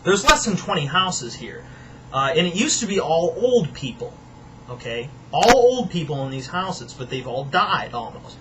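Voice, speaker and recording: A man's voice: fairly high pitch, very animated, moderate pace, a little hiss or hum, low-quality recording. A young man at home delivering an angry, profane, sarcastic rant to his viewers. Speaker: vlogger. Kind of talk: profane ranting monologue.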